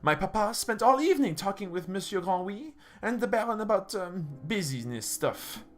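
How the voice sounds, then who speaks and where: A man's voice: sits high, lively intonation, moderate pace, fairly bright tone, soft background music, pitched above the performer's own voice. Man putting on a bubbly young cat lady. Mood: naive. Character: sweet young female cat noble, naive and cheerful.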